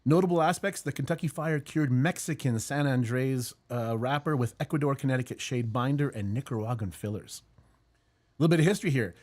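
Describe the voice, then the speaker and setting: A man's voice: mid-range voice, fairly quick, darkish tone. A man hosting a casual chat stream, rambling and joking, with many fillers and laughs. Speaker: podcast host. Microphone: headphones and mic.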